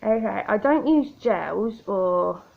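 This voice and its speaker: Chatty woman, gravelly voice. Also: medium pitch, animated, slow pace, narrow, tinny audio. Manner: chatty, self-mocking, talks to the viewer. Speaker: makeup vlogger. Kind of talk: chatty makeup tutorial. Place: indoor room by a window. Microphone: tablet camera.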